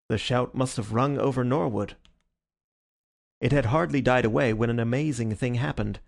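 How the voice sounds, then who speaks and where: Gravelly-voiced man reading a story. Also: medium pitch. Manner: measured, even reading with calm character dialogue. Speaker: narrator. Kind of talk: audiobook reading of a detective story.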